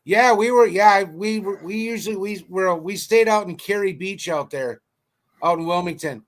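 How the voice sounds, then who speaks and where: A man co-hosting a casual podcast, telling an anecdote in a chatty, animated way. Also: sits high, moderate pace. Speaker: podcast co-host.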